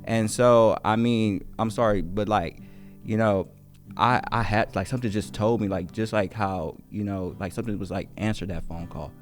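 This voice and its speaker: Low-voiced encouraging male teacher host. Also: fairly even intonation, moderate pace, soft background music. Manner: warm, encouraging, casual slang, many fillers. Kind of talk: earnest conversational interview.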